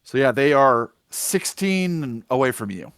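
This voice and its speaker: A man running a tabletop space game as game master, explaining rules in a relaxed, matter-of-fact way. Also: medium pitch, a little slow, clear, resonant tone, no room sound, clean studio sound.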